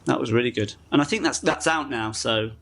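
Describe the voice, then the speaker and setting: Male actor guest from the UK, mid-pitched, chatty, self-deprecating, laughs mid-story. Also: brisk, creaky, fairly bright tone. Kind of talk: casual interview chat.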